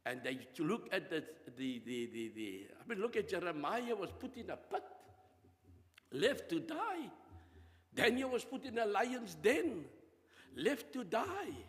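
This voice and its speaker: A man preaching a sermon in a church, animated and emphatic, with dramatic rises and drops in his voice. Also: high voice, slow, in a large hall.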